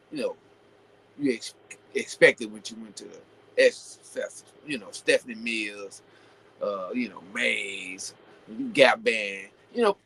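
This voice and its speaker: A man hosting his own show, talking casually and at length, full of "you know" fillers and restarts, building into animated rhetorical questions. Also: medium pitch, a little hiss or hum, low-quality recording. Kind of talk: casual opinion monologue.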